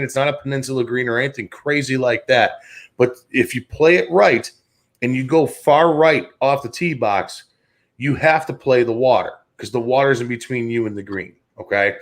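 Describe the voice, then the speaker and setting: This is casual podcast storytelling from a man in his thirties who hosts a sports talk show and hails from the Chicago area. His mid-range voice is a bit bright as he tells long-winded, profane tales, performing the other people's voices.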